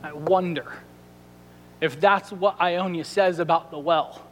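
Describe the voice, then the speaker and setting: A man preaching a sermon as pastor, telling a story in a lively way and acting out the people in it with quoted lines. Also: a little high, measured pace, slight background noise. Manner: animated storytelling with quoted asides. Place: church sanctuary. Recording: reverberant church sanctuary.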